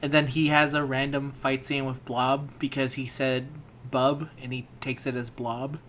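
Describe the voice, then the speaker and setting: Young male podcast co-host, mid pitch, jokey riffing banter with mock impressions. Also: flat delivery, unhurried, a bit bright, slight background noise. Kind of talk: casual movie discussion chat.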